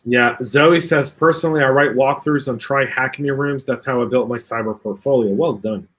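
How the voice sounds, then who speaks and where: A man's voice: mid-range voice, normal speed, a bit bright. A man hosting a casual livestream over a video call, reading out viewer comments and joking along with the panel. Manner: chatty, reads viewer comments aloud, jokey. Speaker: podcast host reading live chat.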